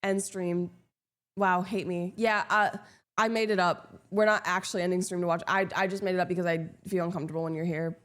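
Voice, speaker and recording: A young woman live streaming, chatting casually with her viewers in a sarcastic, deadpan, teasing way. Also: fairly low pitch, fairly quick.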